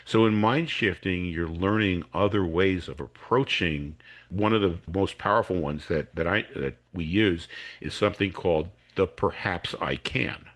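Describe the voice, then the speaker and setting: A man's voice: low voice, unhurried. A man, an educator and coach, explaining a technique as a podcast guest and acting out what students and teachers say. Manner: acts out students' and teachers' voices while explaining.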